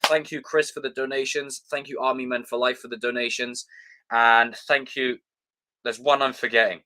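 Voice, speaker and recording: A man's voice: mid-range voice, flat delivery, normal speed, bright, forceful tone. A young man hosting a live stream, chatting loosely, swearing and thanking viewers by name. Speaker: livestream host. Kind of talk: casual live stream sign-off chat.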